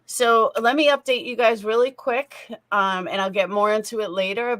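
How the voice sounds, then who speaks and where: A woman's voice: lowish voice, a bit bright, low-quality recording. A woman hosting her own livestream, chatting casually and directly to her viewers over a call connection that cuts in and out. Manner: chatty, apologetic, talks straight to viewers. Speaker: YouTube channel host. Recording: connection cutting in and out.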